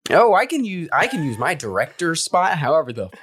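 A man co-hosting a movie podcast in casual chat, relaxed and agreeable, with lots of "like" fillers. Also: a little high, fairly quick, slightly rough, no room sound, clean studio sound. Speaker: podcast co-host.

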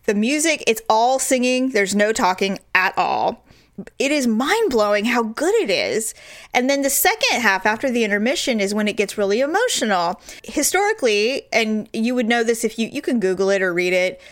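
A middle-aged woman chatting on a podcast, telling a lively story and jumping high when she quotes people. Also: moderate pace. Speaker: podcast co-host. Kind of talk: casual chat.

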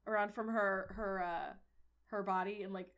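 A woman's voice: medium pitch, fairly even intonation, normal speed, a bit bright. A young woman running a tabletop game as game master, narrating in a rambling way full of fillers.

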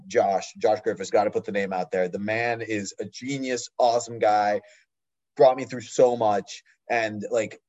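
A man's voice: lowish voice, darkish tone. Young male podcast co-host, rambling casual talker, slightly muffled lo-fi recording. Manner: rambling, lots of fillers and restarts. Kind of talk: casual chat.

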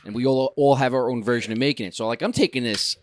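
A man's voice: mid-range voice, fast talker, a little hiss or hum. A man co-hosting a podcast in casual chat, upbeat and preachy in a motivational way. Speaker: podcast co-host.

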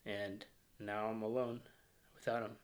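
A man in his thirties from Northwest Arkansas, US, with a slight Arkansas accent and a low voice with little pitch movement, is a guest in an emotional personal interview. Reflective and close to tears as he recounts his childhood grief, he slows and softens into near-whispers when emotional.

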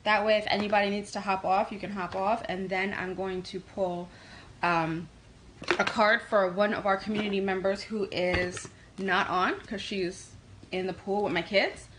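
A woman from New York with a New York accent, hosting a casual tarot livestream and answering comments in a quick, energetic way. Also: medium pitch, background noise. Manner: fast-talking, energetic, reads comments aloud. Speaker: livestream host doing tarot readings.

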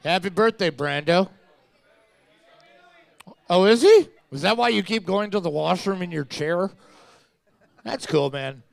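A young man co-hosting a trivia night in casual banter, with a high pitch and a gravelly edge. He answers in short, crude, deadpan quips. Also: unhurried, pauses often, no room sound. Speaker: co-host.

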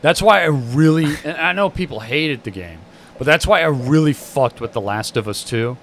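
A man's voice: on the high side, lively intonation, normal speed, fairly bright tone. A man co-hosting a podcast in casual chat, blunt and crude. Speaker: podcast co-host.

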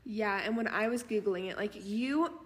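A woman's voice: mid-range voice, measured pace. A young woman co-hosting a podcast in casual chat, emphatic and repeating words for effect. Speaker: podcast co-host. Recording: long reverb in the room.

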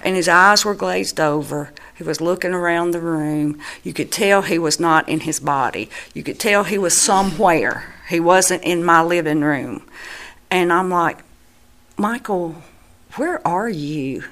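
A middle-aged woman, a mother giving personal testimony in an earnest, halting way with many restarts. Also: on the low side, fairly bright tone.

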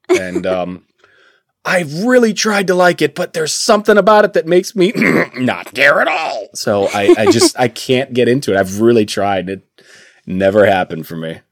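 A man's voice: mid-range voice, no room sound, clean studio sound. A young man from Indiana, a voice actor, chatting casually in an interview and laughing often between phrases. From Indiana, USA. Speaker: voice actor guest.

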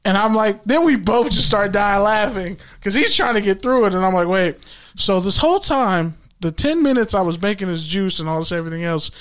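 Speaking briskly in a high voice, a young male podcast host tells a profane, animated story. He casually acts out the things people said.

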